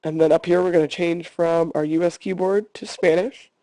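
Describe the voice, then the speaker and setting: A man who teaches Spanish, calmly talking his class through a screencast tutorial step by step. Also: fairly high pitch, moderate pace, dry recording. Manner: calm step-by-step instruction.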